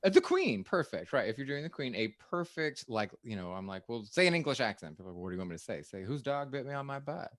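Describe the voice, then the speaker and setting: Joking man, lively pitch. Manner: playful, quick jokes, frequent laughter. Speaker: podcast guest, comedian. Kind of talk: casual comedic chat.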